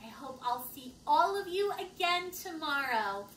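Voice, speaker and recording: A woman reading a picture book aloud to children, playful and expressive, with dramatic pauses and wry asides. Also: high-pitched, roomy sound, slight background noise, low-quality recording. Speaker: children's storytime reader.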